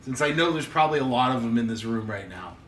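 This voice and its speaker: A man's voice: medium pitch, expressive, quick pace, a bit bright, a little hiss or hum. Casual young guy, stumbly and laughing, sounds far off in a roomy space. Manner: hesitant, laughing, swearing. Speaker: podcast co-host. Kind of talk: casual chat. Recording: echoey room, far mic.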